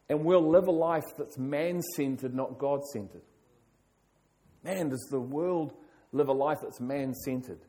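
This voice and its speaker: A middle-aged man delivers a sermon from the pulpit at a moderate pitch. He preaches with emphasis, hammering home his points by repeating key phrases. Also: warm tone. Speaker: pastor.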